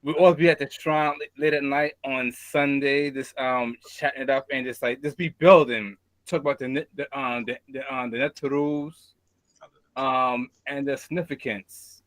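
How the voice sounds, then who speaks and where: A man at middle pitch speaks in a halting, filler-heavy way, holding back tears as he pays tribute. The sound is close and dry, with no room around it. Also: steady tone, a bit bright, no room sound. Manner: halting, many fillers and restarts. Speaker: mourner sharing a tribute. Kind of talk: emotional spoken tribute.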